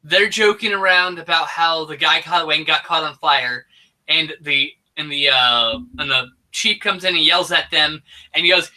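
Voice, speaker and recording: Man, podcast co-host, casual movie chat, animated, bright edgy tone. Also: a little high, normal speed. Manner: animated, exasperated, mimics film lines.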